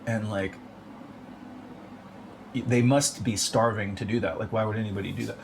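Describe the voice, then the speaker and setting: A man with a fairly low voice rambles through a casual solo monologue, swearing freely and padding every thought with "like". Steady background noise sits under the recording. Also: normal speed, creaky. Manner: profane, rambling, filler-heavy with frequent 'like'.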